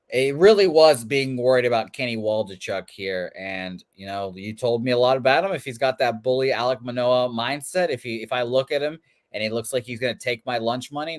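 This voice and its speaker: A man's voice: medium pitch, no echo. A man with a nasal voice co-hosting a betting show, blunt and joking while quoting stats and odds. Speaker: sports betting co-host. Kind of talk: casual betting talk.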